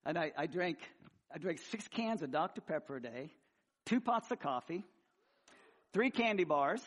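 A male pastor preaching a sermon in an animated style, swinging between loud emphasis and quiet conversational asides with some humor. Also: on the high side, moderate pace. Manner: conversational, with frequent restarts and humor. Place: church sanctuary.

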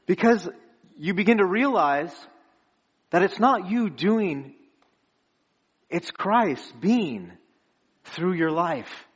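A man's voice: sits high, expressive, slow pace, long pauses, breathy edge. A young man preaching a conversational sermon as pastor, earnest and storytelling, chuckling between phrases.

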